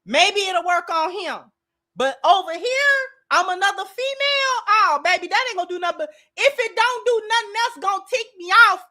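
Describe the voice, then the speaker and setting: A woman's voice: very high-pitched, expressive, moderate pace, sharp tone. A woman hosting a commentary channel, reacting in a sassy, emphatic way and calling people baby.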